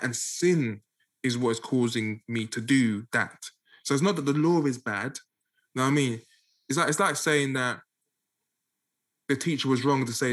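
A man's voice: mid-range voice, a little slow, a bit bright. Conversational man teaching a sermon. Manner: conversational, repeats and emphasizes points. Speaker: preacher.

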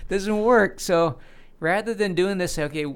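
A man's voice: sits high, moderate pace, clear, resonant tone. A man hosting a casual studio conversation, explaining his opinions at length with frequent restarts. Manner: opinionated, talks in long explanatory runs with restarts. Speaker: podcast host.

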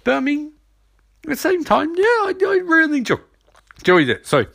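A young man recapping and reviewing a TV episode in a casual, animated way, swearing freely. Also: very high voice, normal speed, gravelly.

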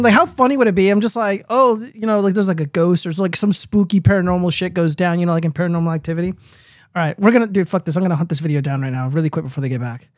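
A man's voice: a little high, no room sound, clean studio sound. A young man hosting a casual livestream, rambling and swearing freely as he reads viewer comments aloud. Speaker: stream host.

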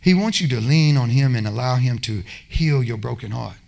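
A man's voice: mid-range voice, expressive, normal speed, creaky, darkish tone. A man preaching a passionate sermon, acting out little voices as he goes.

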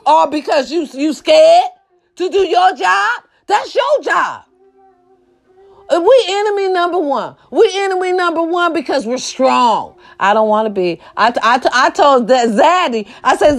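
A woman ranting to camera, blunt and profane, firing rhetorical questions and swinging between shouting and low muttered asides. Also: lively intonation, measured pace, vocal fry. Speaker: social media commentator. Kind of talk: impassioned rant to camera.

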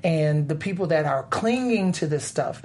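A man's voice: a little high, expressive, normal speed, a little mellow. Male co-host, thoughtful, hesitant delivery with restarts. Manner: earnest, repeats himself, hesitant fillers. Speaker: co-host, lawyer. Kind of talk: panel talk show chat.

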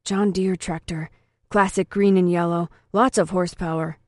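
A woman plays a young boy reciting farm facts in blunt, list-like bursts, pitched a little lower and louder than the surrounding narration. The recording is close and dry, with no room sound. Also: fairly even intonation, normal speed, no room sound, lightly acted. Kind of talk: audiobook reading.

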